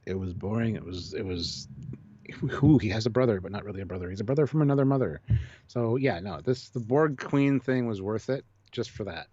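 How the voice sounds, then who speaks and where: A man co-hosting a casual live-stream chat, blunt and quick to swear, reading viewer comments aloud. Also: lowish voice, dark tone, slightly rough, no echo, highs cut off. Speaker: co-host.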